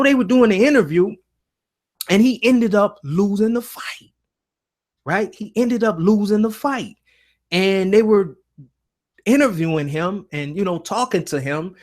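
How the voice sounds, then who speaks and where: A man hosting a casual live-stream show, telling stories earnestly with many restarts and fillers. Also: high-pitched. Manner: emotional, earnest.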